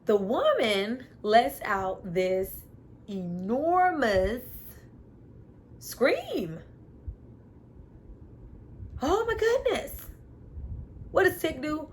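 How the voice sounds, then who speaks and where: A woman's voice: medium pitch, slow pace, pauses often, slight background noise. A woman reviewer casually and animatedly recapping a TV episode, with lots of "you know". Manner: animated, chatty, uses filler "you know".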